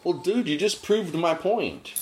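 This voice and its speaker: This podcast host speaks in a high voice at a measured pace. His casual rant grows animated, and his pitch shoots up each time something makes him indignant.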